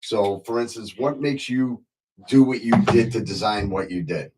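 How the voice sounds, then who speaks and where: A man's voice: lowish voice, moderate pace, very noisy. A man hosting a casual interview, asking rambling questions with fillers.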